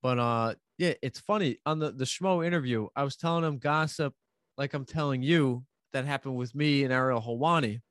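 A man, chatting casually and telling animated gossip stories. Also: medium pitch, normal speed, no room sound, clean studio sound. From New York, USA. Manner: animated storyteller, mimics other people's voices. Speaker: podcast guest telling stories. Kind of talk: casual chat.

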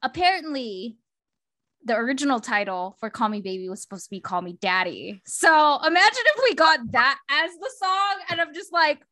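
Bright, enthusiastic young woman co-host. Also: sits high, big pitch swings, moderate pace. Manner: enthusiastic, lots of fillers and restarts. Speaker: podcast co-host. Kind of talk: casual chat.

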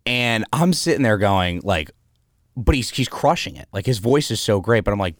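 A man guesting on a podcast, telling rambling, animated anecdotes with plenty of fillers and the odd swear. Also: fairly low pitch, normal speed, dry recording, studio quality. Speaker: guest, founder of an artist house. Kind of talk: casual storytelling in an interview.

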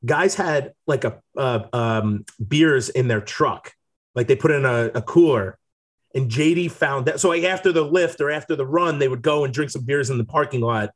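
A man, a former college player, telling animated stories in a casual chat. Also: mid-range voice. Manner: animated storyteller, quick to laugh.

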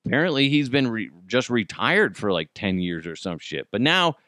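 A man's voice: mid-range voice, big pitch swings, moderate pace, pushed and bright, no room sound, studio quality. A man hosting a podcast, ranting casually and profanely about the news and laughing at his own jokes. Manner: ranting, swears a lot, laughs. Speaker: podcast host.

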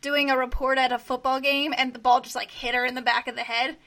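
A woman with a high voice hosts a casual interview. Her tone is bright and sharp, and she is chatty and quick to react to her guest. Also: little pitch movement, a little hiss or hum.

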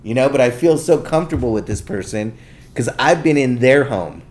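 A man, a podcast guest, tells his stories in a laid-back way and voices other people as he goes. His voice sits at a middle pitch for a man. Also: moderate pace. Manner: laid-back, animated anecdotes with quoted voices. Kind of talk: casual storytelling.

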